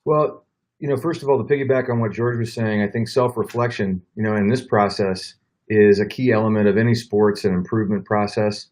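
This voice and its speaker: A man speaking as a guest on a casual panel, measured and reflective. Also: lowish voice, fairly even intonation, darkish tone.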